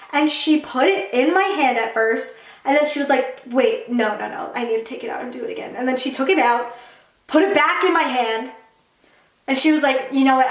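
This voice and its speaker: A young woman telling a storytime vlog in a chatty, animated way, acting out quotes and saying "like" a lot. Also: on the high side. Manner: chatty, quick, animated retelling with acted-out quotes and many "like" fillers. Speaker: YouTuber. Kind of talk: storytime vlog, casual chat. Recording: roomy echoey room.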